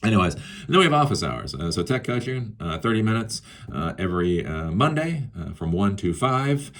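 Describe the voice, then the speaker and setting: A man's voice: lowish voice, very animated, normal speed, fairly bright tone. A middle-aged man hosting a casual, rambling tech commentary show, sarcastic and laughing at his own jokes.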